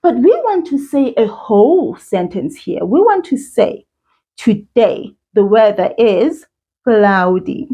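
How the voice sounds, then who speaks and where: A South African woman teaching children, with encouraging sing-song praise and slow call-and-repeat drills. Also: mid-range voice, very animated, dark tone. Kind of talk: slow, patient kids' lesson with call-and-repeat. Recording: dull lo-fi sound.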